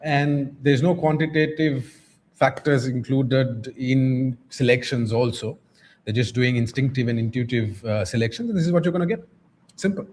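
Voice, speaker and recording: A man appearing as a guest pundit over a video call, blunt and sarcastic, pausing often with fillers. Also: mid-range voice, darkish tone, slight background noise. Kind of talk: live cricket discussion.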